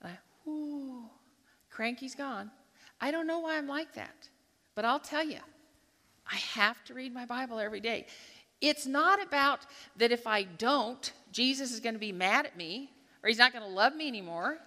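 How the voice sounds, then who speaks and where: A woman giving a devotional talk at a church gathering, telling a lively personal story and acting out her own thoughts as she goes. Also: on the high side, normal speed. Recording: long hall reverb.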